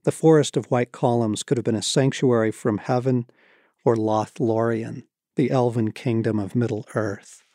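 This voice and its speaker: Mellow man reading reverently. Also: mid-range voice, fairly even intonation, moderate pace, dry recording, clean studio sound. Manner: reflective and reverent, warming to casual asides. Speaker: author reading from his book. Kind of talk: reading a book aloud with casual asides.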